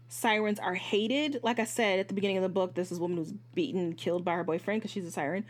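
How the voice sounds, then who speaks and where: A woman's voice: medium pitch, fast, few pauses. A woman hosting a podcast, giving a casual, candid book review. She swears freely and often jumps into asides and corrects herself. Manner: animated, jumps between asides and self-corrections. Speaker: podcast host reviewing books.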